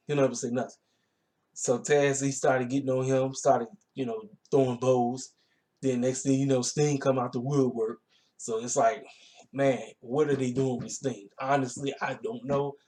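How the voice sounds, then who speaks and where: A man's voice: medium pitch, darkish tone. A man giving a casual, rambling recap of a wrestling show, talking. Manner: laid-back, colloquial, rambling with fillers.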